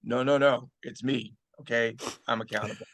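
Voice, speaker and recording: A man's voice: mid-range voice, steady tone, moderate pace, gravelly, fairly bright tone. A man hosting a sports podcast in a playful, teasing way, often mock-outraged. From Las Vegas. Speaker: podcast host. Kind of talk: casual sports podcast chat.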